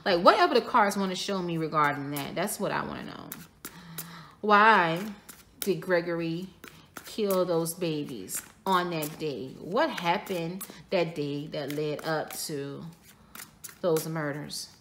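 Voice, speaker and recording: A woman's voice: sits low, slow pace, a bit bright. Woman, tarot reader, casual chatty talk, repeats herself, faint background noise. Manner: conversational, speculative, repeats phrases, addresses viewers as y'all. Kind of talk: casual tarot reading commentary.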